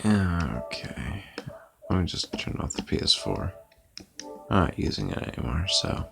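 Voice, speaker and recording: Sleepy guy on a livestream, super low gravelly voice, flat monotone, lazy deadpan. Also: measured pace, background noise. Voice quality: monotone delivery. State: tired and yawning. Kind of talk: casual live-stream chat. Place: at home, lying back comfortably.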